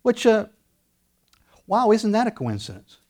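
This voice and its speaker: A man preaching a sermon, animated, acting out quoted voices as he goes. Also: high-pitched, a little slow. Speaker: pastor.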